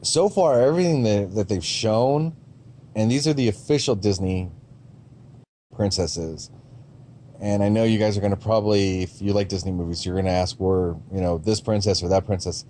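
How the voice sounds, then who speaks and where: A man's voice: fairly low pitch, a little fast, hardly any pauses, mellow, slight background noise. A man giving a casual, rambling review of movie trailers, with frequent ums and restarts and a blunt, sometimes profane way of talking.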